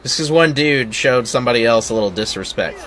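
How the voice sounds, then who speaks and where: A man's voice: medium pitch, expressive, a little fast. A young man hosting a gaming video, giving casual gameplay commentary, laughing constantly and swearing as he rambles jokes. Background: game music and battle sounds.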